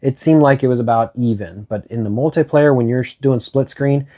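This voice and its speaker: A man co-hosts a relaxed video game discussion in a mid-range voice. He steers the conversation and often trips over and restarts his sentences. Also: medium pitch, fairly quick. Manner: leads the talk, hesitant restarts. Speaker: co-host.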